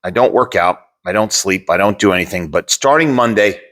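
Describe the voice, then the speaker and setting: A man's voice: lowish voice, fairly quick, background noise. A man who owns a gym, co-hosting a podcast in a blunt, casual way and swearing freely. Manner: blunt, swears freely, talks through examples. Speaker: podcast co-host and gym owner. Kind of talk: casual chat.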